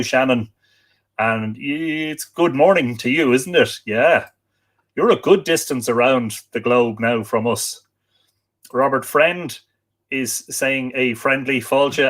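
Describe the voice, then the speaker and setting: Hosting a live online show, an Irishman with a medium-pitched, fairly bright voice chats in a relaxed way. Much of his talk consists of reading out viewer greetings and comments.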